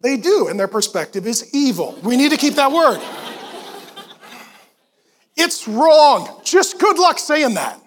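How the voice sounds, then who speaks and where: A man with a strikingly high voice preaching a sermon from a church stage. He talks to the congregation with animated emphasis and breaks off into quick asides. The sound comes through a stage mic in the hall. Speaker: pastor. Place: church auditorium before a congregation.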